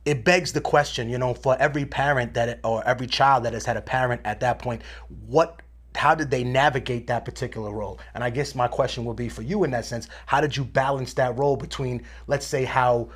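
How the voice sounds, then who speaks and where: A man's voice: mid-range voice, fairly even intonation, a little fast, fairly bright tone. A man co-hosting a podcast, thoughtfully working through a long question in casual talk. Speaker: podcast co-host. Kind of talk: casual discussion.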